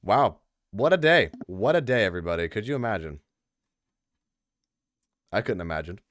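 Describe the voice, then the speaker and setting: Lively young man casting a stream. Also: fairly low pitch, moderate pace, no echo. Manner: chatty, lively, talks to the chat. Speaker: tournament caster. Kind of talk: casual stream commentary.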